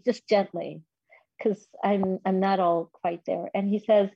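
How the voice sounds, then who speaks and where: A woman's voice: mid-range voice, fairly even intonation, a little slow, vocal fry, breathy edge, dry recording, dull audio. A woman in her fifties telling a personal story in an interview, candid and self-deprecating. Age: 50s. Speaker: guest.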